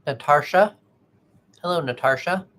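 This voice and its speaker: A man's voice: fairly high pitch, a bit bright. Chatty male tarot livestream host. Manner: chatty, halting, greets viewers by name. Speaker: tarot reader hosting a livestream. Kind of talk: casual livestream chat with viewers.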